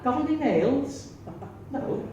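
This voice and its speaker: A man's voice: very high-pitched, lively intonation, slow, a little mellow, voice pushed up, exaggerated voice. Irish man doing a pesky little leprechaun. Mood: cheeky. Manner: chirpy, persistent asking. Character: pestering little male leprechaun. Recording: echoey room, distant mic, faint hum.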